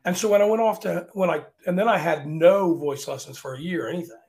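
Male opera singer from Virginia, guest in a chat interview, animated storyteller, somewhat high, gravelly speaking voice. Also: fast talker. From Virginia, USA. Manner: chatty, animated, often restarts sentences.

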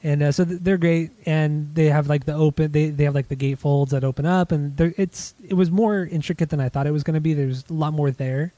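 An easygoing man chats about his record finds, hesitating often and casually swearing. His voice is slightly high with a warm, mellow tone. The sound is close and dry. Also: fairly even intonation, brisk, few pauses, no room sound. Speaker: podcast co-host.

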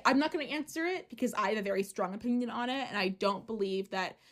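A young adult woman hosting a podcast, recapping a reality show in casual chat. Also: a little high. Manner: recaps quickly, acts out quoted cast members.

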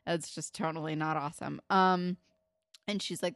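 Smooth-voiced woman in casual chat. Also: fairly low pitch, steady tone, normal speed, fairly bright tone, dry recording. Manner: candid and sweary, lots of "like". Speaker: podcast co-host. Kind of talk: casual chat recapping a TV episode.

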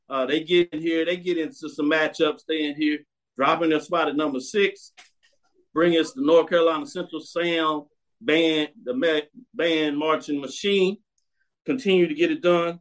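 A man with a high, bright voice runs a sports program, offering loose commentary packed with opinions. Emphatic and blunt, he makes his case by stacking one short command on another.

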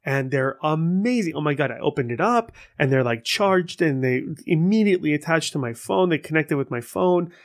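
Guy podcasting solo, kinda high voice, rambly and sweary, tells stories with lots of energy. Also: normal speed, hardly any pauses. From Persian heritage. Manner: rambling, profane, animated storytelling. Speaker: podcast host. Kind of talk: casual solo podcast monologue.

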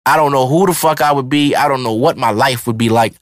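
A man's voice: medium pitch, fairly quick, dry recording. A man in his thirties hosting a podcast, ranting in a heated, profane, emphatic monologue. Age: 30s. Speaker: podcast host.

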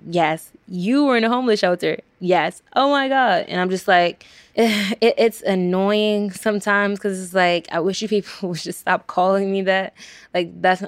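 A woman in her twenties from Washington, D.C., talks openly about her life as a student, at a quick clip and acting out the conversations she retells. Her voice sits low. The sound is dry and close. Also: clear, resonant tone, dry recording. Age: 20s. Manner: candid, speaks quickly, acts out quoted exchanges. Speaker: interviewee, college student. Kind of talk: recorded interview.

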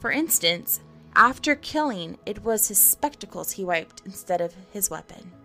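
A woman narrating a storybook in an expressive, measured reading. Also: medium pitch, soft background music.

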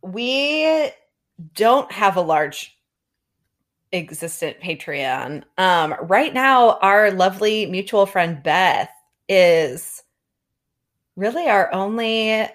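A woman co-hosting a casual podcast chat, easygoing and quick to laugh. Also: mid-range voice, animated. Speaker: podcast co-host.

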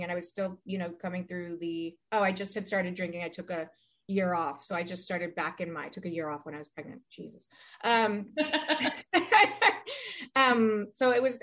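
A woman's voice: fairly low pitch, fairly bright tone. Rambling middle-aged woman guest. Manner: rambling, acts out quoted dialogue. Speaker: guest, Pilates studio founder. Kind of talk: casual conversation.

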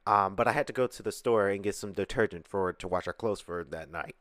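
In a recording studio, an Atlanta podcast host with a fairly low voice tells a story at a fairly quick clip, chatting casually and animatedly acting out what other people said. The studio podcast mic gives a studio-quality sound with no room noise.

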